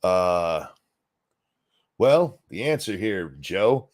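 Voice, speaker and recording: Animated sarcastic male stream host. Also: deep voice, slow, long pauses. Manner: sarcastic, animated, thanks donors. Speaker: host of a political commentary stream. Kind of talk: sarcastic live-stream commentary.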